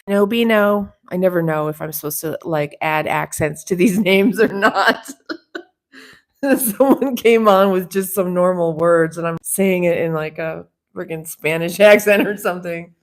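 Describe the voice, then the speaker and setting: A woman's voice: on the low side, a little slow. A woman hosting a casual livestream chat, reading out viewer comments and teasing them in a chatty way. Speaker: livestream host.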